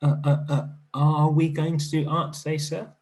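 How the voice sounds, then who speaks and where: A man's voice: fairly high pitch, little pitch movement, moderate pace, darkish tone, soft background music, pitched above the performer's own voice, natural voice. A man voicing a small, scared schoolgirl who stutters nervously, in a classroom story. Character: small scared girl pupil, stuttering and timid.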